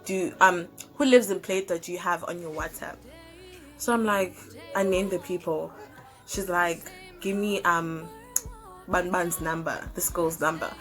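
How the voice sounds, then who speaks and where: Young woman, South African accent, casual storytime, lively and profane, faint music behind. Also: fairly low pitch, a little slow. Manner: animated, swearing, hesitant fillers. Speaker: YouTuber.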